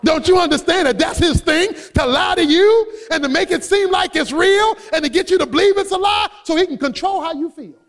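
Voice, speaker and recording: A man, a pastor, delivering an emphatic sermon that swings between soft asides and shouted high points. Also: fairly quick, few pauses, in a large hall.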